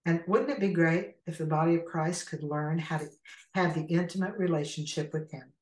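A woman's voice: sits low, moderate pace. A woman who leads an inner healing ministry, telling a story as a guest and acting out the people in it. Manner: animated storyteller who acts out the people in her stories. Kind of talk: storytelling in a conversational interview. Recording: roomy echo.

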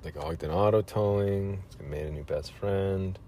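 Man, very deep voice, solo podcast host, sarcastic, rambling rant. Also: unhurried, mellow, a little hiss or hum. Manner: sarcastic, ranting, trails off.

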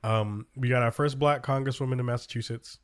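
A man with a middle-pitched voice hosts a relaxed talk show. He rambles through a news list with frequent fillers and restarts, upbeat and informal. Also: fairly quick, smooth. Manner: loose, filler-heavy rundown of news. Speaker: podcast host. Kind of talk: casual political chat.

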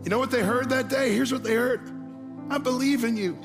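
A man preaching a sermon, telling a personal story and then building to loud, fervent preaching. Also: very high voice, fairly quick, over music. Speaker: pastor.

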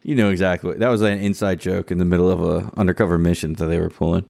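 A man's voice: deep voice, little pitch movement, rapid-fire, creaky, a little mellow, no room sound. A man co-hosting a podcast, casually recapping a TV episode in a rambling, loose way. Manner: rambling, loose storytelling with lots of "um". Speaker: podcast co-host.

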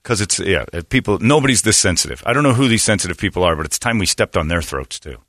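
A man's voice: low voice, animated, quick pace, a bit bright, dry recording, clean studio sound. A man hosting a talk show, talking in a brash, opinionated rant and laughing between points. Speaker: radio show host.

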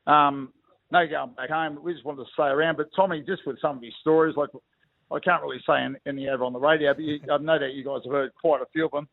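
A man's voice: fairly high pitch, fairly even intonation, fast talker, creaky. A middle-aged Australian man, a former rugby league player, chatting matily as a phone-in guest on the radio. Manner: matey, calls everyone "mate", reminiscing. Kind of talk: casual radio chat over the phone. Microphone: telephone. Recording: tinny phone line.

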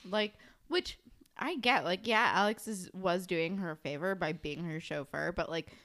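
A woman's voice: lowish voice, normal speed, a bit bright. A young woman casually recapping a TV episode with wry, dry asides.

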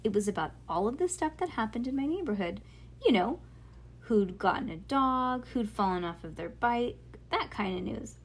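A woman voicing a relaxed middle-aged dad who reminisces about his childhood, in a storybook read-aloud. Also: a little high, slight background noise. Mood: nostalgic. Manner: breezy, nostalgic, brisk when reminiscing.

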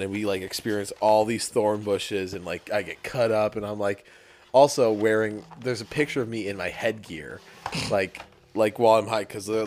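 A young man co-hosting a podcast, telling a story in casual chat and acting out his younger self with animated bursts. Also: fairly low pitch, a little hiss or hum. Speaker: podcast co-host.

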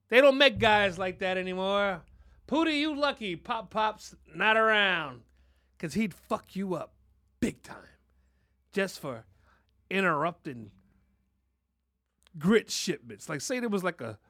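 High-voiced profane storyteller man. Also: no room sound, studio quality. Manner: profane, animated, keeps asking "you know what I'm saying". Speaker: podcast host. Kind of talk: crude comedic storytelling.

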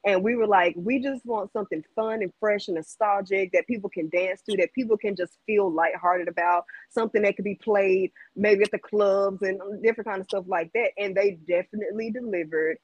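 A woman's voice: mid-range voice, steady tone, fairly quick, few pauses, dull audio. A Southern-accented woman singer talks in a chatty, upbeat way, full of "um" and "like". The sound is dry and close, with no room echo around her voice. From Jackson, Mississippi. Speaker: guest singer in an R&B group. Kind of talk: casual interview chat.

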